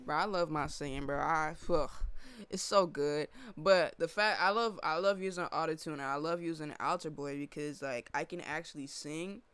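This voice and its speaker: Male musician, casual walkthrough, fillers everywhere, clear lightish voice. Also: a little high, normal speed, fairly bright tone, dry recording. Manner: loose and slangy, rambling with many fillers. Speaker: musician breaking down his own song.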